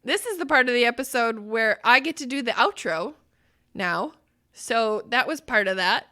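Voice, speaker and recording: Bright-voiced woman podcast host. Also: on the high side, normal speed. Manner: animated storytelling, breaks into loud laughter. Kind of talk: casual podcast chat.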